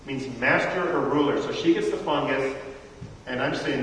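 A man's voice: medium pitch, normal speed, fairly bright tone, a little hiss or hum. A middle-aged man preaching a sermon in a chatty, conversational way, asking his congregation questions, recorded from far off in an echoey church hall.

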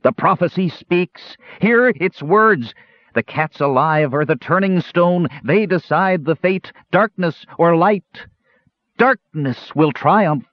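A small male kender caught under a cursed ring, as a male audiobook reader puts him on, his voice pitched well above the reader's own. He swings between eerie, drawn-out menace and shaky pleading, in a dull, lo-fi, dry recording. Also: huge pitch swings, breathy edge, no room sound, heavily acted. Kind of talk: audiobook character voice.

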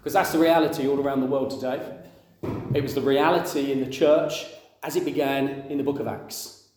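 A man's voice: medium pitch, fairly even intonation, brisk, noisy background. Conversational man preaching, echoey room. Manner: conversational, asks the audience questions, acts out quoted voices. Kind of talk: sermon.

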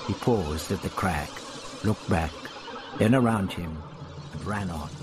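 A man's voice: deep voice, unhurried, very noisy. A man reading a science fiction novel aloud with vivid, dramatic storytelling. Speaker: audiobook reader.

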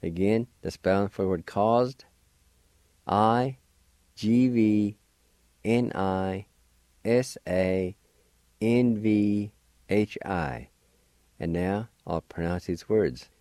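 A man's voice: on the low side, drawn-out words, long pauses, warm tone, dry recording. A man hosting a radio language lesson, spelling words out letter by letter and patiently encouraging listeners to practice. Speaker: radio language teacher and host.

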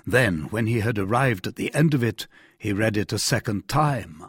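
A man narrating a classic novel as an audiobook, with an expressive, measured reading. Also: fairly low pitch, slightly rough, no echo, clean studio sound.

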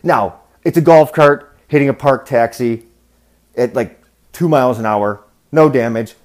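Podcast host, male, mid-pitch, profane storyteller given to sudden loud rants. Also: measured pace. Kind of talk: casual storytelling monologue.

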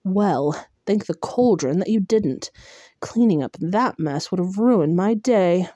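A woman's voice: on the low side, animated, slow pace, dark tone, no room sound. A woman reading the lines of a wry, blunt male faerie companion in an audiobook. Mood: grim. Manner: coarse, dry.

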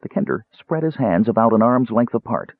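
A man narrating a fantasy story in a scripted, expressive storytelling delivery. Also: mid-range voice, brisk, breathy edge, no room sound. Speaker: audiobook narrator. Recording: tinny phone-like band, dry.

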